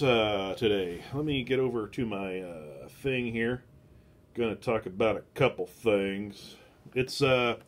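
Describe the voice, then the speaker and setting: A man's voice: on the low side, measured pace. Guy rambling through his home book club stream on a phone, wanders off topic, jokes at himself. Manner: meandering, self-deprecating asides. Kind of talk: rambling casual livestream talk. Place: home, talking to a phone camera.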